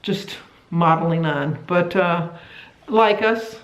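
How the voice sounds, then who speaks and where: A middle-aged woman from the United States chatting to camera in a weight-loss vlog, rambling and halting, with many restarts. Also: fairly low pitch. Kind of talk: casual chat to camera. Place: a room at home. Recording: echoey room.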